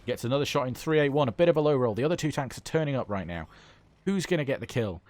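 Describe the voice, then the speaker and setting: A man's voice: mid-range voice, expressive, fast talker, a little mellow. A British man giving enthusiastic, chatty commentary over a gameplay replay as a gaming YouTuber.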